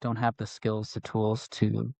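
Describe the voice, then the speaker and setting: A man co-hosting a podcast discussion, speaking in a reflective, measured way. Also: lowish voice, completely flat delivery, gravelly, a little mellow, no room sound. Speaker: podcast co-host. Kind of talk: casual panel discussion.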